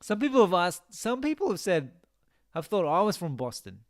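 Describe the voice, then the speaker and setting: A man's voice: high voice, sing-song, normal speed, no echo, clean studio sound. A young man chatting casually on a game live stream, reading out viewer comments and musing aloud.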